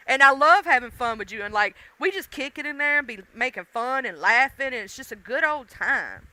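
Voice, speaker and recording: Woman livestream host, chatty and teasing, smooth voice. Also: high voice, animated, moderate pace, sharp tone, dry recording, low-quality recording. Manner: chatty, laughing, teasing viewers by name. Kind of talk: casual chat with live viewers.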